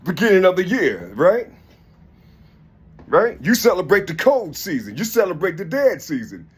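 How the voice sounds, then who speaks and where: A man's voice: high voice, wildly swooping pitch, normal speed, breathy edge. A man talking in a rambling, casual monologue, laughing often and repeating "listen" and "you see" as he addresses an unseen listener.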